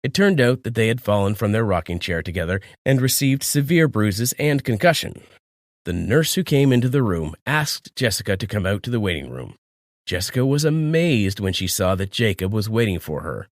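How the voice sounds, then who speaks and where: A man with a lowish voice reads a scripted story aloud, his pitch rising and falling in an animated storytelling way. The recording is close and dry. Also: no room sound. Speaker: narrator.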